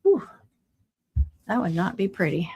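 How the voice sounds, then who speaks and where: A woman's voice: mid-range voice, sing-song, measured pace, a little mellow, slight background noise. A woman hosting a crafting livestream, chatting casually and teasing her viewers with frequent laughs. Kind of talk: casual live-stream chat.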